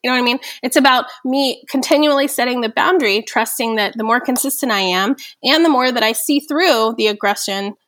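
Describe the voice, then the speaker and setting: A woman's voice: on the high side, a little fast, hardly any pauses, fairly bright tone, dry recording. A woman in her thirties, a therapist speaking earnestly and reflectively in a podcast conversation, often tagging "right?" and "like". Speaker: therapist guest.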